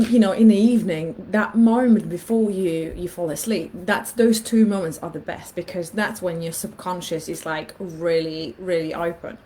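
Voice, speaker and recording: Animated woman telling a personal story. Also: medium pitch. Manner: animated, acts out her own inner voice. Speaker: vlogger. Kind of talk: casual storytelling monologue.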